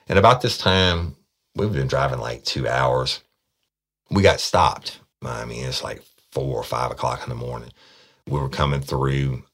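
A former detective turned podcast storyteller recounts a true-crime case from his time on the job, speaking at a normal pace in a deep, rumbling voice. He's blunt and profane, and he gets animated when quoting the people involved, acting them out.

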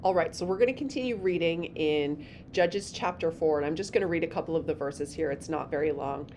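A woman co-host reading a Bible passage aloud and retelling it in a lively, dramatic way. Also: deep voice, fairly quick, a little hiss or hum.

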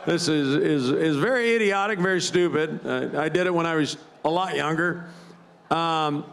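A man's voice: a little high, normal speed, creaky, fairly bright tone. An older man, a retired ballplayer, telling rambling anecdotes in a live interview with frequent restarts and chuckles. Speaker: retired baseball player, guest.

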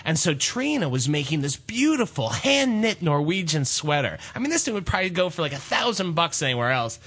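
A podcast co-host telling a rambling, animated anecdote and laughing through it in casual chat. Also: male voice, on the high side, fairly quick, breathy edge. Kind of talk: casual storytelling.

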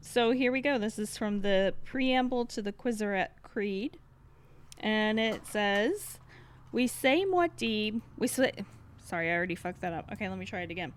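A woman's voice: mid-range voice, fairly even intonation, clean tone. Laughing woman chiming in on a podcast. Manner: laughs often, chimes in with quick jokes. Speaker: podcast co-host. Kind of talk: casual book discussion.

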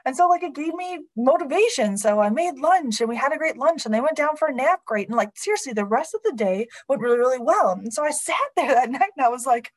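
A woman's voice: high-pitched, brisk, rough recording. A woman in her thirties candidly telling a personal story, laughing often and acting out her own inner voice. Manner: expressive, laughs often while talking; lively acted-out inner voice.

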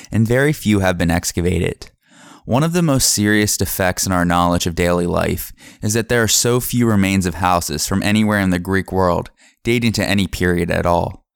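A man narrating a history podcast from a script, in a measured reading manner. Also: deep voice, clean tone, dry recording, studio quality.

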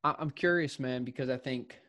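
A man hosting an interview, enthusiastic and quick to affirm his guest. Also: medium pitch, sharp tone. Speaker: host.

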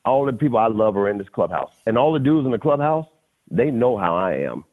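Animated middle-aged man on a tinny line. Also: mid-range voice, fairly quick. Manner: animated, slangy, keeps addressing the host. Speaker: podcast guest. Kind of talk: casual storytelling. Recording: tinny phone-like audio.

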